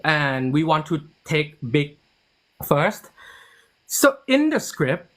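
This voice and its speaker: Slow and fairly high-voiced, a man who writes and produces a TV show relates a story in an easygoing interview. He's animated, voices the dialogue he quotes, and keeps restarting his sentences with "like."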